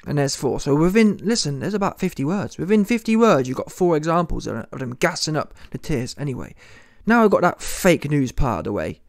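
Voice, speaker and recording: Animated man ranting sarcastically. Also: a little high, fairly quick, vocal fry, hardly any pauses, dry recording, studio quality. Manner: exasperated, sarcastic, talks straight to viewers. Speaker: boxing commentator. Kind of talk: ranting reaction commentary.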